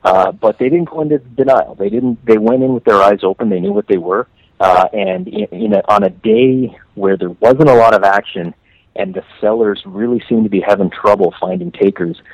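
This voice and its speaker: A man from Canada talking hockey on a podcast, animated and full of restarts, his pitch leaping on stressed words. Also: normal speed, vocal fry, no room sound, rough recording. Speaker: hockey writer guest. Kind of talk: casual podcast chat.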